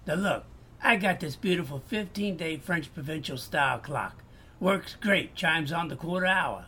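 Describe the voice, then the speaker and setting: A man with a Boston accent playing a customer who pitches items persuasively. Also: lively intonation, moderate pace, bright, forceful tone, husky, full character voice. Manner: salesy, persuasive. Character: friendly male customer selling a clock.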